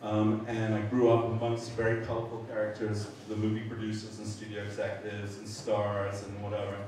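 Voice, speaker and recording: A middle-aged man telling a lively anecdote at a memorial, swearing, laughing and acting out other people's voices. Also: fairly low pitch, fairly quick. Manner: animated storyteller, swears, acts out voices, laughs. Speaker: memorial speaker. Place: large event hall. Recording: echoey hall from far off, noisy.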